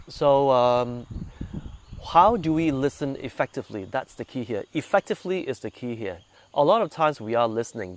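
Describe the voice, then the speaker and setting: A man leading a meditation group, talking gently and conversationally and putting questions to his listeners, a little congested from sinus trouble. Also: mid-range voice. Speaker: meditation guide. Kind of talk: relaxed talk to a meditation group.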